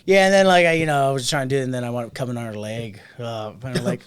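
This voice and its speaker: A man co-hosting a podcast tells a story in casual chat, talking at a racing pace in a clean, mid-range voice. He's animated and acts out the people he quotes in other voices.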